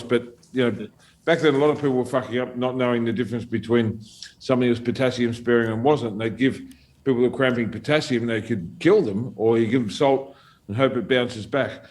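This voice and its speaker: Profane man spinning stories. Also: mid-range voice. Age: middle-aged. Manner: animated, profane, laughs through his stories. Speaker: guest storyteller. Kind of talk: casual round-table storytelling.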